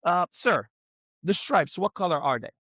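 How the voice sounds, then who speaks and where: High-voiced animated male speaker. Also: moderate pace, no room sound. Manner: animated storyteller, acts out quotes. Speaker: relationship speaker. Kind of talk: motivational talk to a live audience.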